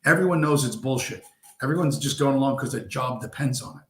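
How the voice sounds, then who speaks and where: Man, livestream host, profane and blunt, voice wearing out, mid pitch, roomy echo. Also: fast. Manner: crude, profane and blunt, talks straight at his viewers. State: losing his voice. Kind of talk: profane late-night stream rant. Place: home room with a squeaky chair.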